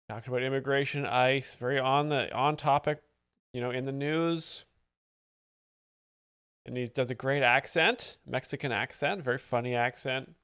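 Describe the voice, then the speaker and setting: A man hosting a stream, explaining jokes in a deadpan, faux-earnest expert manner. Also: medium pitch, smooth, dry recording, studio quality. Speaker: host, joke explainer. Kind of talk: mock-expert comedic commentary.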